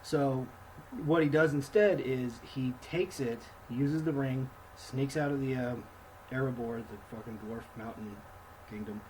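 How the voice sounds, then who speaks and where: A man co-hosting a casual film review chat, rambling and swearing, acting out scenes in quick mock voices. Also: mid-range voice, a little mellow, a little hiss or hum, low-quality recording.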